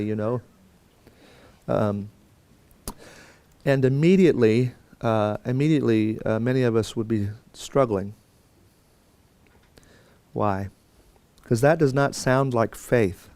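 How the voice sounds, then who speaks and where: A man's voice: mid-range voice, takes it slowly, pauses often, mellow, dry recording. A man teaching a Bible course in a conversational lecture style, with fillers and restarts and quotes acted out. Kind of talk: classroom lecture.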